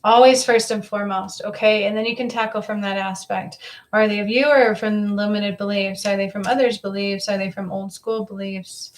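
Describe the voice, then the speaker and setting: A woman's voice: medium pitch, steady tone, moderate pace. A woman giving a live psychic reading to a viewer, talking in a coaxing, repetitive way and circling back over the same phrases. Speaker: psychic reader.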